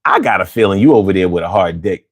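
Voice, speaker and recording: A man's voice: low voice, animated, quick pace. A man hosting a late-night livestream, ranting with heavy profanity and talking back to his chat. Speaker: livestream host.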